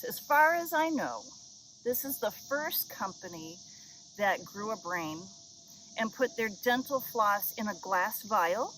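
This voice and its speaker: A woman's voice: mid-range voice, lively intonation, unhurried, a bit bright, a little hiss or hum, rough recording. A woman chatting casually to her viewers in a rambling, self-deprecating vlog, recorded on a head-mounted camera outdoors on a river island. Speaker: vlogger. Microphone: head-mounted action camera. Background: insects and nature sounds.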